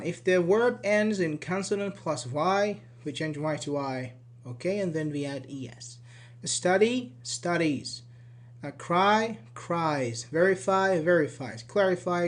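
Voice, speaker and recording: Slow-paced male English teacher. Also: fairly high pitch. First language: Persian. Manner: slow, repeats word pairs, frequent "okay" and "uh-huh" check-ins. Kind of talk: slide-based grammar lesson.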